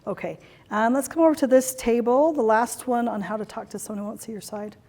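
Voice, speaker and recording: A woman's voice: on the high side, a little fast, a little mellow. A woman corporate trainer leading a workshop for a retreat audience, encouraging and conversational, acting out playful examples. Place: retreat venue meeting room. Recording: long reverb of a hall.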